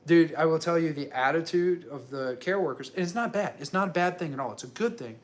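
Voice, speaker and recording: A man's voice: a little high, lively intonation, fairly quick. A young man talking casually to camera at home, rambling and chatty, with many fillers and restarts. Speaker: working dad vlogger. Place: his home.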